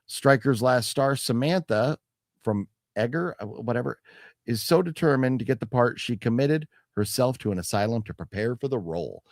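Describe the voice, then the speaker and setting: A man's voice: medium pitch, animated, moderate pace, darkish tone, no echo, clean studio sound. A man hosting a casual chat about a movie haul, rambling with restarts and reading chat comments aloud. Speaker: show host.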